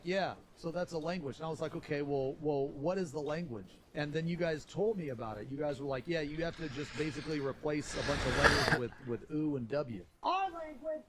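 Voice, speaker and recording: A man streamer telling stories in casual live-stream chat, animated and swearing freely. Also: a little high, slight background noise.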